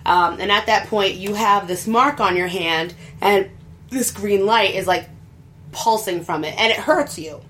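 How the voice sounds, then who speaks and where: A woman's voice: mid-range voice, a little slow, fairly bright tone, slight background noise. Chatty woman rambling about games. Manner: chatty, rambling, crude humor. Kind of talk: casual video game chat.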